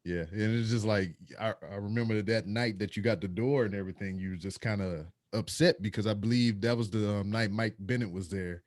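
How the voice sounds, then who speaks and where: A man hosting a casual interview, asking questions in a relaxed, slangy way. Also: on the low side, brisk, hardly any pauses, no echo, studio quality. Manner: relaxed, slangy, loose phrasing. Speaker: show host.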